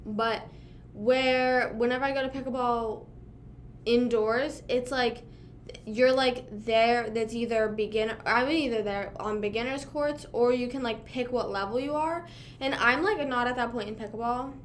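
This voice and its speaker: A young woman streamer from Pennsylvania rambles through a casual livestream chat. Her voice sits a little above the usual pitch, she packs her sentences with "like" and "you know what I mean," and now and then she talks through a mouthful of food. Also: normal speed, a little hiss or hum. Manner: talking while chewing food.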